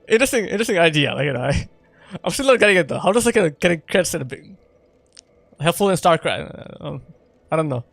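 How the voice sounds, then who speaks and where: A playful man chats casually with his viewers while he plays a game, often breaking into laughter. His voice sits a little high for a man, and the sound is close and dry with no room behind it. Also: big pitch swings, fast talker, gravelly, a bit bright, no room sound. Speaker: streamer. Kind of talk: casual live gameplay chat.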